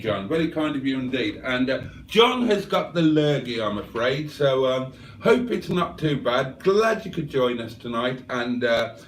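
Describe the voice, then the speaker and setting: A man's voice: mid-range voice, reverberant, a little hiss or hum. A man hosting a livestream, reading viewer comments aloud in a casual, chatty way and chuckling often. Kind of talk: casual chat.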